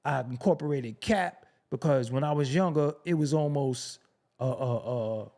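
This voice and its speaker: This New York–accented host from Brooklyn rants unscripted to his live stream audience, swearing, mocking, and tossing out rhetorical questions. Yet his medium-pitched voice stays mellow and unhurried.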